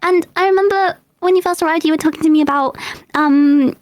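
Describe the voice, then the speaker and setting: A woman's voice: very high-pitched, fairly quick. A British woman hosting a casual chat, rambling and laughing often. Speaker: host.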